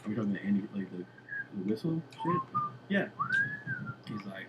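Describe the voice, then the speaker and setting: A man, a comedian guest, telling an animated story in a casual podcast chat and laughing often. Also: lowish voice, normal speed, highs cut off, very noisy.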